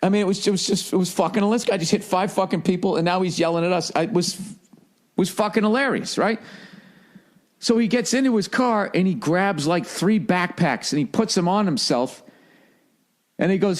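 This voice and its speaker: A man's voice: high voice, a little fast. A man streaming live, telling a rambling, profanity-laden story in casual chat. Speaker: livestreamer.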